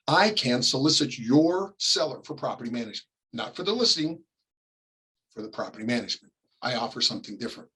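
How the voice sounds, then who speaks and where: A middle-aged man from California teaching a class, talking casually and acting out quick examples, often coughing and clearing his throat. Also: mid-range voice, expressive, fairly bright tone, low-quality recording. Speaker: real estate ethics instructor. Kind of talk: classroom lecture.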